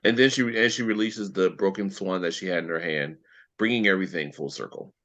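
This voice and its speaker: A man co-hosting a podcast, chatting casually and excitably about a TV episode and swearing now and then. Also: low-pitched, fairly quick. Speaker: podcast co-host. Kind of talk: casual chat.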